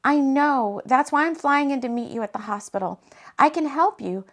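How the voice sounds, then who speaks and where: A woman voicing a female Reiki healer, speaking in a soothing, steady, reassuring way. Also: sits high, moderate pace. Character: calm, caring female Reiki healer friend.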